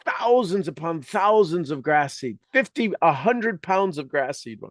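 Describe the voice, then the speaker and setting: A man's voice: fairly high pitch, expressive, unhurried, dry recording, studio quality. A middle-aged man telling rambling, enthusiastic stories as the host of a spoken meditation. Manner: earnest, enthusiastic, rambling storytelling.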